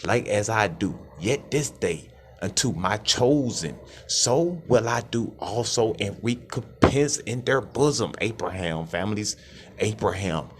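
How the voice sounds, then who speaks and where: A man preaches over scripture in a low voice that rises and falls dramatically. He keeps asking his listeners to answer him. Faint background noise sits under his voice. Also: expressive, a little slow. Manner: calls out "families", asks call-and-response questions.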